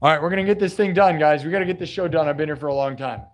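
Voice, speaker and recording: A young man chatting on his live stream with a sore throat from hours of yelling, effusive, thanking viewers and swinging between loud hype and quiet asides. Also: fairly high pitch, rapid-fire.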